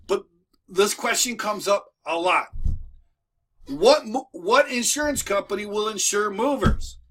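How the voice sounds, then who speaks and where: A man with a high, bright voice gives a casual motivational talk to camera. He repeats himself and restarts phrases in a folksy way. He is recorded at home. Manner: repetitive, folksy, restarts often. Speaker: moving business coach and video host. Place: at home with dogs nearby.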